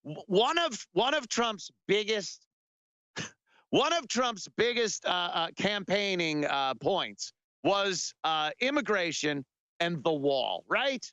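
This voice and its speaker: A man's voice: high-pitched, big pitch swings, takes it slowly, pushed and bright, no echo. A man hosting a talk radio show, delivering a sarcastic, rambling monologue with lots of filler words.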